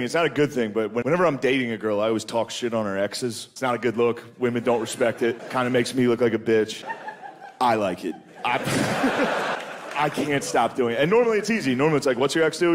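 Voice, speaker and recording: A man doing a stand-up comedy set, talking in a loose, crude, conversational way and often saying "dude". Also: mid-range voice. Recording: live club with audience noise.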